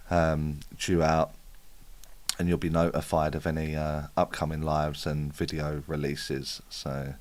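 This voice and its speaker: A man's voice: low-pitched, dry recording. A man, a spiritual medium, chatting casually as he answers viewer questions on a live stream. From United Kingdom. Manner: chatty, reads out viewer comments and answers off the cuff.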